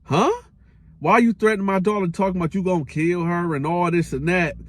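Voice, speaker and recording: A man voicing an angry middle-aged mother who fires off quick accusations. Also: high voice, steady tone, no echo, studio quality, close to an everyday voice. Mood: accusing. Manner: accusing, rapid.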